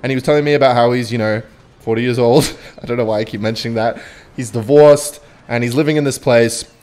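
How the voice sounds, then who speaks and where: A man's voice: medium pitch, steady tone, fast talker, a little mellow. A young man telling a rambling, self-mocking anecdote while commenting on his own gameplay, with frequent swearing. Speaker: gaming channel host. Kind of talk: storytelling over gameplay commentary.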